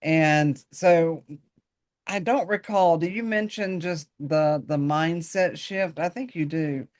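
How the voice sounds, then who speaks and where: A woman's voice: low-pitched, slow, a little mellow. A woman hosting an interview podcast, encouraging and upbeat, affirming her guest often. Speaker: podcast host.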